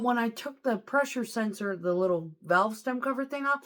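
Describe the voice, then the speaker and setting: A woman's voice: on the high side, animated, normal speed, few pauses, fairly bright tone. A woman truck driver telling a story in a casual vlog, swearing freely and talking animatedly.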